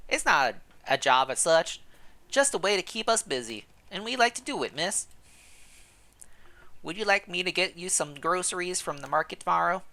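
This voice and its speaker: A man voicing a kindly, chatty old woman housekeeper in a game, in a high fluttery put-on voice. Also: lively intonation, moderate pace, bright, forceful tone, heavily acted. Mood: reassuring.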